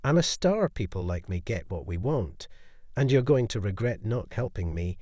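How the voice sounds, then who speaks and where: A haughty actress who expects to get her way speaks in clipped, disdainful demands, voiced by a man reading an audio story. The delivery swings lively in pitch. The sound is dry and close. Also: moderate pace, no room sound.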